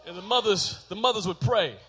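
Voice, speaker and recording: Texan preacher guy, really high bright voice, goes from storytelling to full-on shouting, has the church call back to him. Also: a little fast. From Texas. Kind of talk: sermon. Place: church sanctuary.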